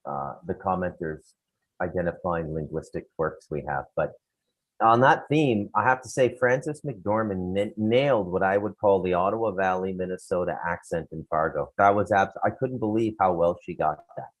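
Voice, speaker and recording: Low-voiced man with sardonic asides. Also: moderate pace, poor audio. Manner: sardonic, dry mocking asides. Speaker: co-host. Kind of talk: casual comedy chat.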